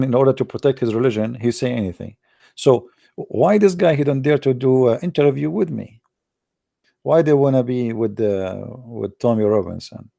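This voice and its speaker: A man's voice: medium pitch, creaky, warm tone, no room sound, studio quality. A middle-aged man, not a native English speaker, giving casual sarcastic commentary as host of his own show, repeating words and calling listeners "my friend.".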